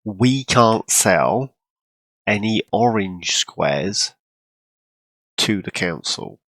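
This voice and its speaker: A man casually commenting on his farming game, rambling with lots of ums and throat-clearing, hiccuping and coughing now and then. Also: fairly low pitch, lively intonation, drawn-out words, fairly bright tone, dry recording. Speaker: farming game role-play channel host.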